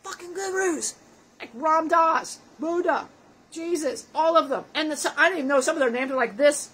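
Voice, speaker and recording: A woman's voice: sits high, moderate pace, fairly bright tone, low-quality recording. A woman channeling the spirit of a dead man in a session, talking in a profane, self-mocking way and laughing often. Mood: brash joking.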